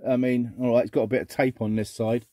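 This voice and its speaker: A middle-aged man chatting casually as he sorts through a box of old records, muttering asides and breaking into excited exclamations. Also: mid-range voice, quick pace, no room sound, studio quality. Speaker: record collector vlogger. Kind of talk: casual unboxing chat.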